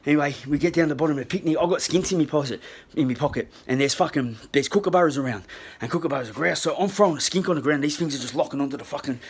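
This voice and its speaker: Fast-talking husky Australian man. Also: fairly high pitch. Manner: swears constantly, rambling and animated. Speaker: storyteller. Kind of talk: casual storytelling. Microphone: handheld phone.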